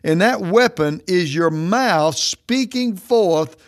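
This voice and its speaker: High-voiced emphatic male preacher. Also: animated. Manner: emphatic, declaring, drawn-out for stress. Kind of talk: sermon.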